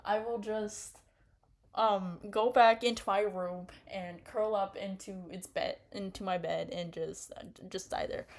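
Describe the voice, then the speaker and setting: A woman playing through a story game, reading its narration softly and slowly. She keeps breaking into laughing, teasing outbursts at the characters before settling back into her quiet reading voice. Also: mid-range voice. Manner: laughs often, rants in bursts, then reads softly. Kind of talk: casual gameplay commentary and reading.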